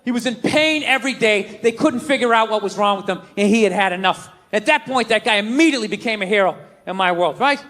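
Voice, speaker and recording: A man's voice: sits high, fast talker, few pauses, a bit bright. A man performing a stand-up set, ranting in an exasperated, profane way. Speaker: stand-up comedian. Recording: live show with audience laughter.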